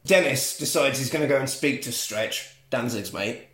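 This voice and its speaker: Animated guy recapping a movie for laughs, sweary, echoey room. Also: mid-range voice, normal speed. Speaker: podcast co-host. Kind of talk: comedic film recap.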